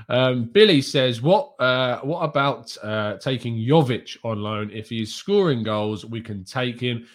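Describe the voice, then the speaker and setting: A man hosts a casual live stream from a small room at home, reading viewers' questions aloud. His voice sits at a middle pitch, and he answers candidly and chattily, with plenty of ums and quick asides. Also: lively intonation.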